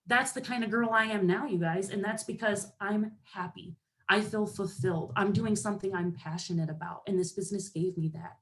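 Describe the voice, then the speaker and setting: Young woman, pep talk, sassy, animated, acts out voices, mid-pitched. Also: brisk. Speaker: motivational speaker to a sales team.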